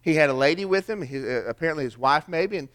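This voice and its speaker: A man's voice: on the high side, animated, fast, fairly bright tone. An older man, preaching a sermon in a folksy storytelling way with rhetorical questions. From American South. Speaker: pastor.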